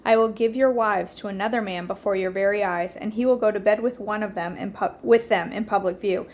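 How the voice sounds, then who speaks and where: A woman hosting a daily devotional, reading scripture aloud in a steady, earnest way with small slips and restarts. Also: mid-range voice, fairly quick. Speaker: devotional host.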